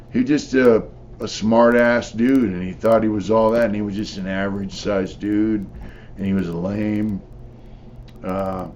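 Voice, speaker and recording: A man's voice: fairly low pitch, a little mellow, slight background noise. An older man, a former prisoner, telling his stories in a blunt, profane, rambling way with lots of "you know.". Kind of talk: casual storytelling.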